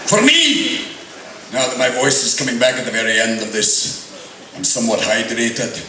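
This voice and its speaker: A man doing a live stand-up routine before troops, swinging from manic shouting to hushed mumbling. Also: medium pitch, animated, normal speed, heavy background noise. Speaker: stand-up comedian. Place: outdoor military base stage before troops. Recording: distant echoey crowd recording. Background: loud cheering crowd.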